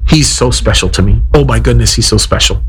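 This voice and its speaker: A middle-aged man preaching a sermon as pastor, emphatic and explanatory, his voice climbing high for emphasis. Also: a little fast, breathy edge, poor audio. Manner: emphatic preaching, pitch swings up when quoting.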